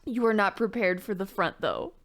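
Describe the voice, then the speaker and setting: Opening her birthday presents on her vlog, a young woman who makes gaming videos chats casually, thanking everyone effusively and cracking jokes along the way. She speaks at a moderate pace in a medium-pitched, slightly bright voice.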